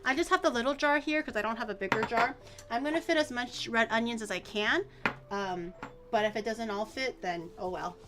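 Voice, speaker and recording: A woman's voice: on the high side, fairly quick, background noise. A woman streaming herself cooking in a home kitchen, chatting casually, rambling through explanations and swearing now and then.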